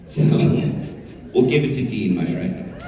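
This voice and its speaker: A man answering fan questions on a convention panel in a jokey, animated way, laughing often. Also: fairly low pitch, slow. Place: large convention hall. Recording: echoey hall, distant mic, crowd and noise. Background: audience crowd.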